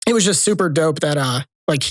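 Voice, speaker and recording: A man's voice: fairly high pitch, expressive, fairly quick. A man guest on a podcast, animatedly telling stories full of military jargon and acting out other people's lines. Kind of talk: casual storytelling.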